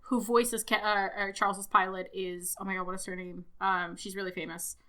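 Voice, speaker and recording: A woman's voice: medium pitch, moderate pace. A woman co-hosting a podcast, chatting casually and animatedly about a cartoon, swearing freely and often correcting herself mid-sentence. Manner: animated, profane, self-correcting. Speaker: podcast co-host. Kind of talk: casual chat reviewing a cartoon.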